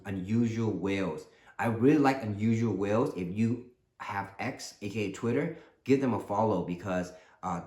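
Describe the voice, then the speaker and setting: A man hosting his own channel, talking earnestly in a casual, animated commentary monologue that often repeats itself. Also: lowish voice, reverberant. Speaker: channel host.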